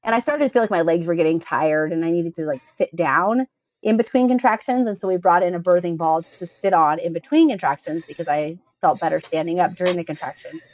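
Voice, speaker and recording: A woman's voice: on the low side, lively intonation, quick pace, darkish tone, low-quality recording. A woman in her thirties, a podcast guest, telling a personal story in a chatty, earnest way with frequent filler words.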